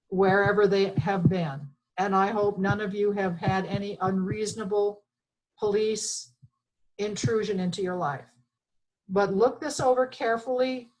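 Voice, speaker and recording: The audio is rough as a mid-range woman from Texas presents the Bill of Rights. She reads the constitutional text aloud, then weighs in with plainspoken emphasis and frequent filler words.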